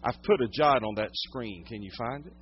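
A man preaching a sermon, teaching from the Bible, swinging from loud emphatic lines to hushed quiet ones. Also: medium pitch, moderate pace, lo-fi sound, a little hiss or hum. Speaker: pastor.

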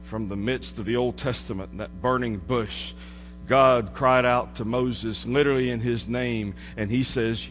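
A man preaching a sermon in a church, dropping to hushed low asides and rising to emphatic declarations. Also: steady tone, normal speed, soft background music. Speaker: pastor. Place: church sanctuary. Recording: hall reverb with mains hum.

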